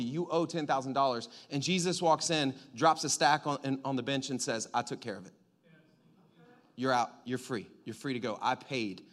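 A man preaching a sermon in a lively, joking way, getting the congregation to call back to him. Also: sits high. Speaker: pastor.

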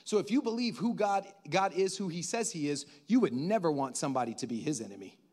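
A male pastor delivering a sermon with a notably high voice. He is animated, dropping to hushed tones and then rising to loud, shouted bursts as he acts out the people he describes. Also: fast talker.

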